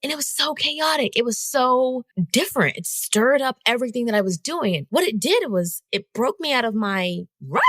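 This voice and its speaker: A woman hosting a solo podcast, telling a story in an animated, conversational way and talking straight to her listeners. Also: a little high, normal speed, few pauses, dry recording. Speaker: podcast host.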